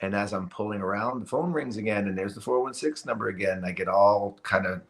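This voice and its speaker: Here a middle-aged former hockey pro, appearing as a podcast guest, recounts something personal in a relaxed interview. His voice is on the low side and a bit bright, his pace brisk, with frequent restarts and "you know"s.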